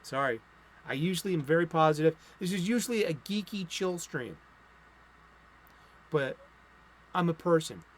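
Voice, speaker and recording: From a home studio, an American man hosts a casual comic book stream, rambling through new releases before breaking into profane, angry rants. He speaks at a moderate pace in a fairly high voice with lively intonation and long pauses.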